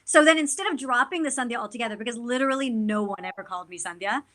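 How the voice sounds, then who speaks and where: Bright-voiced chatty woman actor. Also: on the high side, fast talker. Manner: animated, chatty, many fillers. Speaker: guest actor. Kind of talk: casual interview talk.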